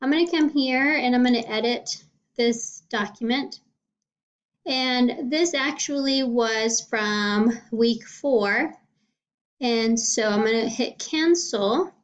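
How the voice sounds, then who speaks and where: A woman's voice: a little high, slow. A woman cosmetology teacher casually walking through her weekly lesson planning, often checking in with "okay?". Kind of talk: casual screen walkthrough. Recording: dull lo-fi sound.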